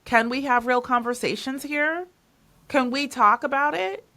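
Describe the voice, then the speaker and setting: A woman's voice: high voice, unhurried, bright, forceful tone. A woman hosting a podcast interview, talking in an emphatic, casual way and repeating words when she stresses a point. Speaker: podcast host.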